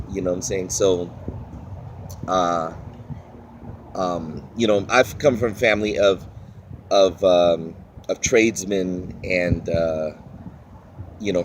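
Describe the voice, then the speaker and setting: Man, Washington DC accent, fairly low voice, casual rambling vlog. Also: slight background noise. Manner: rambling, searching for words. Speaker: vlogger.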